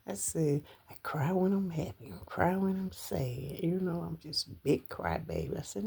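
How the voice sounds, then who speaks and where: Tearful, raspy-voiced widow crying. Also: female voice, sits low, sing-song, moderate pace, dark tone. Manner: tearful, breaks into whispers and cries, rambling. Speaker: widow sharing her grief. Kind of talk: emotional personal story vlog.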